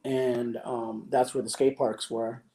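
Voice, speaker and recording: A man in his sixties from California, telling stories as a guest in a casual interview, relaxed and reflective. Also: mid-range voice, slow pace. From San Jose, California. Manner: relaxed, reflective, with laughs and throat-clearing. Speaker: guest, pro skateboarder.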